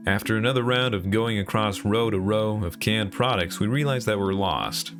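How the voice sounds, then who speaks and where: A man's voice: lowish voice, normal speed, music in the background. A man narrating a story game in the first person, with a dry, sarcastic tone.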